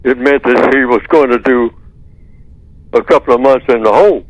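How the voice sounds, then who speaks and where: A man's voice: mid-range voice, normal speed, no room sound. A man holds forth as a talk radio guest, pressing his points hard and answering his own rhetorical questions. His voice comes through a dull, lo-fi line with a dry, close sound. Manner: emphatic, repeats key points, rhetorical questions.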